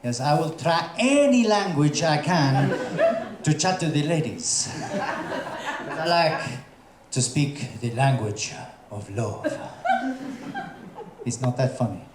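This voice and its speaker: A man doing a stand-up comedy set on a theatre stage, telling jokes in a hesitant, halting way with many fillers. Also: fairly high pitch, animated, crowd noise. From Russian parents, raised in Colombia. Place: theatre stage before a live audience. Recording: echoey theatre with audience ambience.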